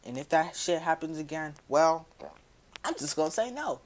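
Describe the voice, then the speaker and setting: A man telling a personal story to his viewers in a casual, slangy, rambling way, dropping his voice low for quoted asides. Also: animated, normal speed, noisy background.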